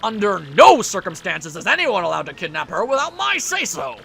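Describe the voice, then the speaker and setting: A man voicing a loud, grumpy giant turtle king villain who blusters and shouts in a comic way. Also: high-pitched, huge pitch swings, normal speed, gravelly, slight background noise, full character voice. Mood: blustering.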